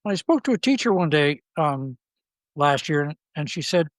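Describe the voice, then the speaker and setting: A man, the guest in an interview, telling lively anecdotes and acting out the people he quotes. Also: on the high side, normal speed, dry recording, low-quality recording. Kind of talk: storytelling interview.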